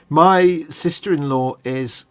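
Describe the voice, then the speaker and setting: A man, co-hosting a live stream, chatting casually and rambling as he reads out viewer comments. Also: on the high side. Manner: rambling, chatty, self-correcting.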